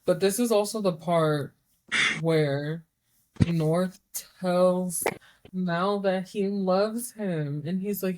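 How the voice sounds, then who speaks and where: A young woman with a slightly low voice, chatting on a podcast about a book she loved. She talks in an excitable, gushing way and swears freely. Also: slow pace, rough recording. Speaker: podcast co-host. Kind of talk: casual chat about a book.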